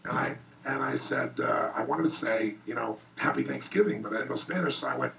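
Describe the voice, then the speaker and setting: Gravelly man telling an emotional story. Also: mid-range voice, a little fast, recorded from a distance, slight background noise, poor audio. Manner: emotional, animated storytelling with rising intensity. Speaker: motivational speaker. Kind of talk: storytelling speech to an audience.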